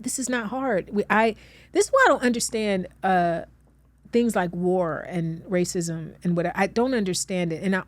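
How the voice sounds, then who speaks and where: A middle-aged woman talks with earnest conviction in a heartfelt studio conversation. Her voice sits at a middle pitch, and the dry studio sound keeps it close. She grows emphatic and tender when she comforts someone. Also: no echo. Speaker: guest actress. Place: studio with audience.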